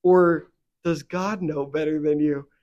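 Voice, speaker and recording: Animated young man, rambling casual chat. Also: a little high, a little slow, highs cut off. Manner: rambling, filler-heavy, animated when venting. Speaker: podcast co-host. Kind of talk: casual faith podcast chat.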